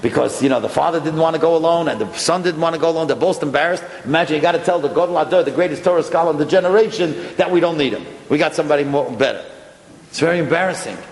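Animated man telling a story in a hall. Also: a little high, rapid-fire. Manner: animated, acts out dialogue. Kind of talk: storytelling talk. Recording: echoey hall with faint noise.

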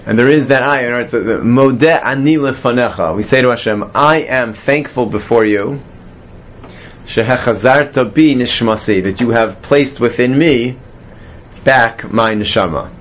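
A man's voice: medium pitch, normal speed, dull audio, a little hiss or hum. A man teaching a classroom Bible lesson, explaining step by step and quizzing his students. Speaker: Torah teacher.

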